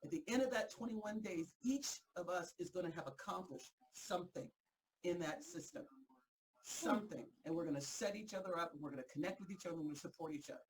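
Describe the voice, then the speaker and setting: A woman hosting a motivational group talk, energetic and emphatic, repeating herself for effect and breaking easily into laughter. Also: on the low side, quick pace, low-quality recording. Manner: energetic, fired-up, emphatic repetition. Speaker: host and motivational coach.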